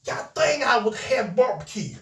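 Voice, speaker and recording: A man putting on a Southern American accent to play a loud, boastful man who craves barbecue, drawling and hollering. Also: very high-pitched, lively intonation, moderate pace, creaky, voice pushed up, heavily acted. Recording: roomy echo, distant mic.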